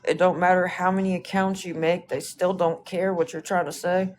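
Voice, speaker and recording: Woman streamer, lowish and unbothered, dismissive of trolls, faint hiss behind. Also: level tone, moderate pace, a little mellow. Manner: laid-back, dismissive toward trolls, swears freely. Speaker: livestreamer. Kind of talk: casual livestream chat.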